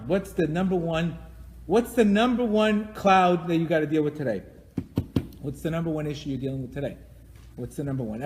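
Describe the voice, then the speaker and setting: A man's voice: sits high, a little mellow. A man leading a live religious class, emphatic and repetitive, acting out the prayers he quotes. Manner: emphatic, repeats phrases, acts out quoted prayers. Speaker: teacher leading a weekly class. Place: synagogue or class hall. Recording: long hall reverb.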